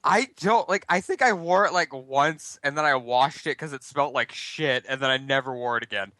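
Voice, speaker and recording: A man co-hosting a podcast, chatting casually and excitably with lots of swearing. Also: medium pitch, normal speed, no echo. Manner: excitable, profane. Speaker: podcast co-host. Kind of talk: casual chat.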